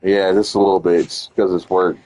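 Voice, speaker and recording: A young man chatting casually while gaming, animated and heavy on swearing, acting out the people in his stories. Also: sits low, brisk, low-quality recording. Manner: profane, animated storytelling, mimics others. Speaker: streamer.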